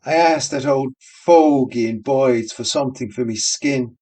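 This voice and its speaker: A man voicing a bold young barmaid who teases loudly in a raised voice. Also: mid-range voice, a little slow, far from the mic, natural voice. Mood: teasing. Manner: mocking, loud, teasing. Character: bold young Dublin barmaid, teasing, brassy.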